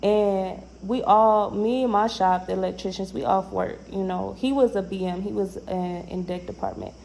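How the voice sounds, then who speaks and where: A young woman casually telling a personal story in a slangy, animated way, acting out the lines she quotes. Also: mid-range voice, moderate pace, creaky, slight background noise, rough recording.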